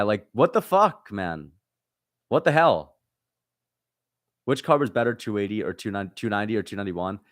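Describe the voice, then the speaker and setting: A man hosts a casual livestream, reading out viewer comments and venting about getting things wrong. His voice sits fairly low and sounds close and dry, with no room around it. He curses freely and lurches between sharp outbursts and grumbling under his breath. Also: no room sound. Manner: frustrated, swears a lot, swings between loud outbursts and low muttering. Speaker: livestream host reacting to fights.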